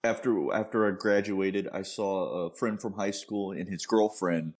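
A man's voice: low-pitched, steady tone, a little slow, a little mellow. A young man, co-hosting a podcast in laid-back casual chat and swearing freely. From Texas. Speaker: podcast co-host.

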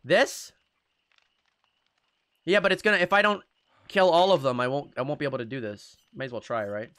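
A young man streaming a game live, reacting excitably with jokes and frequent swearing. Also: on the high side, moderate pace. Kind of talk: live gameplay commentary.

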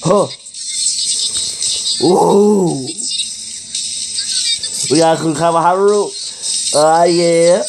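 A man reacting to an anime episode in casual commentary, excitable and quick to burst out emotionally. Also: a little high. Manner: excitable, exclaiming, emotional outbursts. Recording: show's music playing behind voice.

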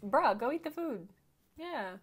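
Female reaction host, casual and talkative, expressive pitch, slips into quiet murmured asides. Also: measured pace, slight background noise. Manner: chatty, thinks aloud, drops to quiet murmurs. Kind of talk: casual movie reaction commentary.

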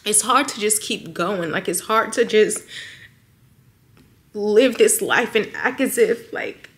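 Slow-talking emotional woman vlogger. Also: mid-range voice, expressive. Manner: slow, heavy, sighing and hesitant. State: emotional, near tears. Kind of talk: personal vlog confession.

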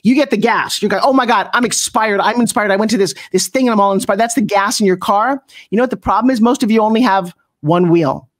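A woman's voice: mid-range voice, fast, hardly any pauses. Woman, middle-aged, brash, punchy, motivational coach, mock voices. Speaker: pitch coach hosting an interview. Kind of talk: energetic motivational coaching talk.

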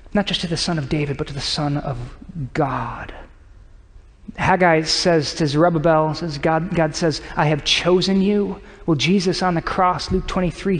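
A man preaching in a church sanctuary, his fairly high voice ringing with a long hall reverb. He is earnest and shifts between quick, urgent phrases and hushed, drawn-out lines. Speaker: pastor. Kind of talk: sermon.

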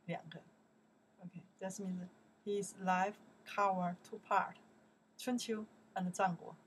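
A woman's voice: medium pitch, a bit bright, slightly rough, distant mic. A woman with a Chinese accent, a native Chinese speaker, teaching a language lesson and asking herself questions as she explains. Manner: slow, repeats words and asks herself questions.

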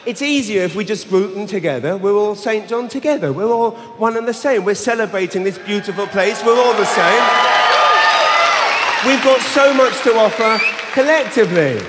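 Male stand-up comic, high voice, arena reverb, shouty storyteller. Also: normal speed, a loud crowd, very noisy. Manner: animated storytelling, bursts of shouting. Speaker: stand-up comedian. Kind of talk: live stand-up comedy. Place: large arena stage. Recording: live arena with long reverb.

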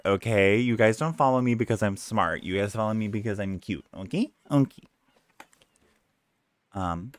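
A man's voice: on the low side, moderate pace, long pauses, no room sound. A young man live-streaming a game, chatting playfully and joking about himself. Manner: playful, self-mocking, chatty.

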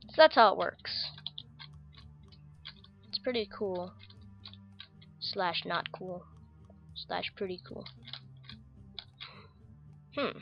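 An American woman rambles through casual game commentary, goofy and full of fillers. Her voice sits at an ordinary middle pitch, with faint music playing underneath. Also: slow pace, long pauses, lo-fi sound. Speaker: gaming channel host. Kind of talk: casual Minecraft gameplay commentary.

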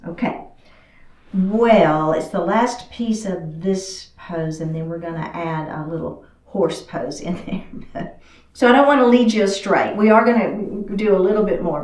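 A woman teaching a chair yoga class, chatty and encouraging, a little out of breath as she moves through the poses. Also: mid-range voice. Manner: encouraging, chatty, talks while moving. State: slightly out of breath. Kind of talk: guided exercise class instruction. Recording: echoey room, far from the mic.

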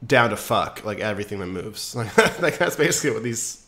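A man hosting a casual podcast, retelling a story in an animated, profane way full of fillers. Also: on the low side, fairly quick. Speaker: podcast host.

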